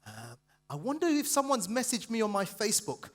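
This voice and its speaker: A man voicing a procrastinating office worker who mutters to himself in a low, quiet mumble. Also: huge pitch swings, a little fast, faint music behind, exaggerated voice. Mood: distracted mumbling.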